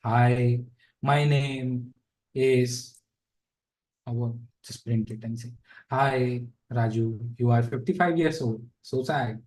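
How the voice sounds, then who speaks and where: A man's voice: medium pitch, fairly even intonation, slow, darkish tone, poor audio. A man giving a casual live coding lesson, thinking aloud with fillers and asides. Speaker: programming instructor.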